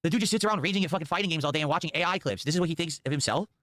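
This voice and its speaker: Fast, mocking streamer man. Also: on the high side, fairly bright tone, dry recording, clean studio sound. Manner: incredulous, sarcastic, swears freely. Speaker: streamer reacting to clips. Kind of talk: mocking reaction commentary.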